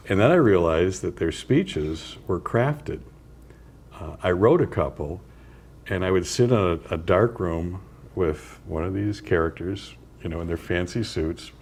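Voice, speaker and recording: An older man, an author and interview guest, telling unhurried anecdotes with dry chuckles in a community TV studio. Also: sits low, darkish tone, breathy edge. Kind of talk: storytelling interview.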